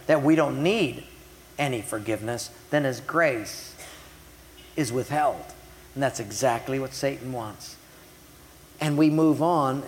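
A pastor preaching a sermon, retelling scripture in everyday words and slowing down to stress key points. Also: male voice, mid-range voice, big-room sound, slight background noise. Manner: retells scripture in a casual way, slows down for emphasis.

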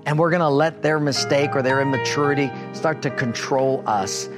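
A middle-aged man preaching a sermon, telling a personal story and acting out an argument in a raised, animated voice. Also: medium pitch, moderate pace, few pauses, over music. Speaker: pastor.

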